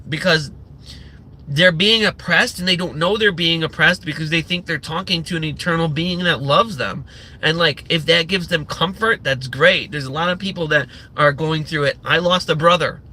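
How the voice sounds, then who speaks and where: A man's voice: fairly high pitch, pushed and bright. A man hosting a livestream, ranting in a sarcastic, profane and rambling way, full of fillers and restarts. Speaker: livestream host.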